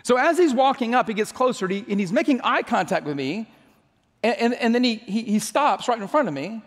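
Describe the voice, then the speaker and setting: A man's voice: extremely high pitch, animated, brisk, long reverb tail. A male pastor telling a personal story in a sermon, chatty and joking, often restarting his sentences.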